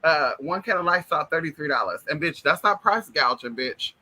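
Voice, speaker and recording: A man's voice: a little high, lively intonation, normal speed, pushed and bright, poor audio. A man chatting casually to camera in a sassy way, swearing a lot and calling everyone girl and honey. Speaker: vlogger.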